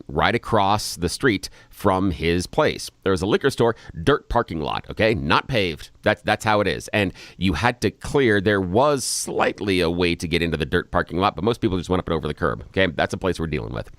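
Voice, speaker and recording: A middle-aged man hosting a talk radio show, reminiscing in a relaxed, unhurried way. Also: low-pitched, no room sound, clean studio sound. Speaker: radio host. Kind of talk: casual chat.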